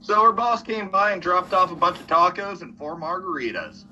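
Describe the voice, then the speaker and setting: A man's voice: sits high, animated, normal speed, pushed and bright, a little hiss or hum, poor audio. A man joining a podcast as a guest over a video call, talking in easygoing, laid-back chat. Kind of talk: casual chat.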